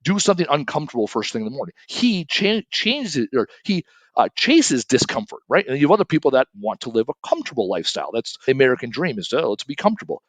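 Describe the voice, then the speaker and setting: A middle-aged man giving a casual solo talk as an author, animated and self-correcting, acting out the people he quotes. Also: medium pitch, fast, dry recording. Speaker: author and speaker. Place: home studio, shooting remote.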